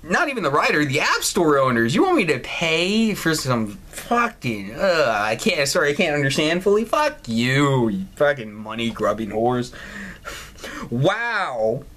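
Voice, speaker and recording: A man's voice: fairly high pitch, sing-song, a little slow, a bit bright. A man playing a mobile story game, giving casual, profane, mocking commentary and often laughing. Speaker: gaming channel host. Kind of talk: casual let's-play commentary.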